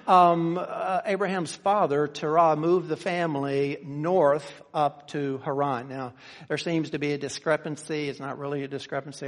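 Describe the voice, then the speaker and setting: Pastor, man, slightly high voice, emphatic sermon delivery, reverberant church hall. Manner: builds from quiet teaching to loud emphatic preaching. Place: church sanctuary.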